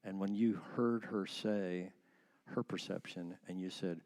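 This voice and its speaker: A man with a lowish, warm and mellow voice talks through ideas in a conversational church class. He builds his points with everyday metaphors and checks that his listeners follow. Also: steady tone, a little slow. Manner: thoughtful, explains with everyday metaphors. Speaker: church teacher.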